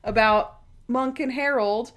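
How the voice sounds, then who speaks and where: A young woman co-hosting a podcast, casually retelling TV scenes with quick acted-out quotes and frequent laughter. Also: a little high, fairly bright tone, smooth. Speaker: podcast co-host. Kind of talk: casual chat.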